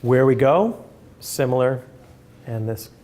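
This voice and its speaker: Guy giving a lecture, earnest, steady mid voice, bit of faint noise behind. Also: medium pitch. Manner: earnest, measured, with frequent restarts. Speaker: academic speaker. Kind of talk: lecture with questions.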